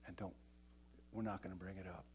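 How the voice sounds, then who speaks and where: A man voicing a stern but loving father who speaks to his sons in a quiet, measured way. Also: low-pitched, steady tone, slight background noise, pitched below the performer's own voice, lightly acted. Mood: solemn forgiving.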